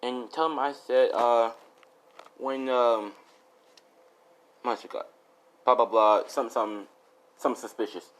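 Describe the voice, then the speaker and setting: A man's voice: medium pitch, fairly even intonation, moderate pace, long pauses, natural voice, poor audio. A man voicing a sweet-talking, meddling woman with a sugary, gossipy manner.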